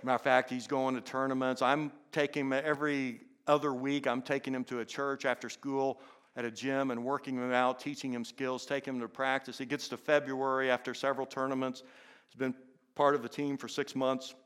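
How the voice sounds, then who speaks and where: A man in his fifties, a teacher telling a personal testimony, who swings from loud excitement to soft, hushed tones. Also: a little fast, clean tone. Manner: animated, jumps into high excited voices for characters, then drops soft and hushed. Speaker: teacher and inspirational speaker. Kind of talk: storytelling testimony.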